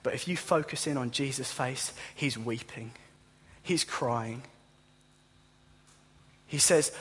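Man, pastor, impassioned sermon, husky voice, long hall reverb. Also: mid-range voice, a little slow, long pauses, a bit bright. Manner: impassioned preaching, direct address to listeners. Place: church.

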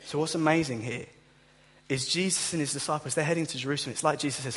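A man preaching a sermon, retelling scripture with animated, acted-out reactions and quotes. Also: quick pace, slightly rough. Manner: animated, acts out startled listeners in a higher voice. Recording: echoey hall with long reverb.

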